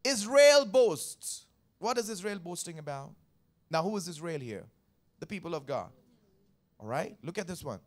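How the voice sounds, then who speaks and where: A man's voice: fairly high pitch, lively intonation, normal speed, pauses often. A man preaching a Sunday sermon as pastor, emphatic and repetitive, calling out to the congregation and working through scripture verse by verse. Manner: emphatic, repeats key phrases, calls for congregation response.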